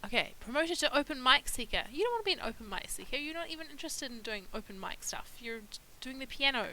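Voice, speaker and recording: A woman's voice: high-pitched, big pitch swings, fast, pushed and bright, a little hiss or hum, poor audio. A woman giving casual let's-play commentary, chatting to her game characters and laughing often. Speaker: gaming YouTuber.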